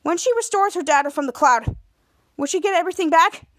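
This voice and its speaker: Woman retelling flustered teen boy hero, high eager voice, dry sound. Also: fairly quick, no echo. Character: teenage boy superhero sidekick, flustered.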